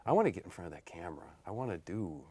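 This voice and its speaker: A man in his fifties, an actor and model, telling stories about his career in a relaxed interview, often laughing. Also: deep voice, very fast, breathy edge, no room sound. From Portland area, United States. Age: 50s. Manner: animated storyteller, laughs often. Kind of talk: casual interview chat.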